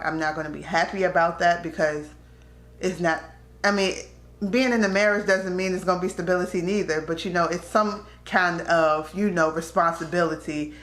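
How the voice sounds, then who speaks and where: A woman shares her story in a frank, conversational way, her voice sitting on the low side. The sound bounces around the room with a noticeable echo. She talks casually to her audience like a friend. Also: a bit bright. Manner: candid, conversational, slips into quoted voices. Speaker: vlogger. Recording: echoey room.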